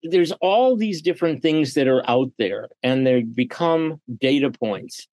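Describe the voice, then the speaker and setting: On a podcast, a middle-aged business leader and coach speaks as a guest in a medium-pitched, unhurried voice. He's an animated storyteller who acts out the dialogue he quotes. The recording is dry.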